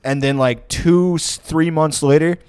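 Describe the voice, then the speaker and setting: A man's voice: on the high side, steady tone, unhurried, darkish tone, smooth, no echo. Male co-host, loose foul-mouthed storyteller who laughs through his own anecdotes, dry close sound. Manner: rambling storyteller, swears a lot, laughs often. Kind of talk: casual chat.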